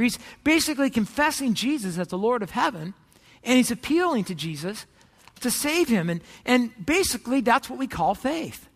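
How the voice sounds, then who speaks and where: A pastor with a very high, sing-song, slightly bright voice preaches at a moderate pace, and a long reverb tail trails his words. He tells a joke and Bible stories casually, with joking asides and many restarts.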